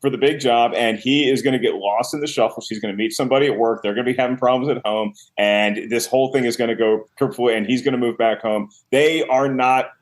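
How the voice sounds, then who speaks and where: A man guesting on a podcast as a comedian, chatting casually and telling animated stories with playful asides. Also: mid-range voice, fast talker, few pauses. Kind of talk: casual chat.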